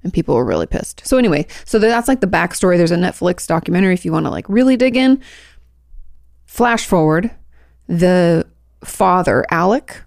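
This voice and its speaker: A woman's voice: on the low side, lively intonation, moderate pace, creaky, darkish tone, no room sound, studio quality. A young adult woman co-hosting a podcast, chatting casually and rambling through stories with lots of fillers. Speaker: podcast co-host. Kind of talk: casual chat.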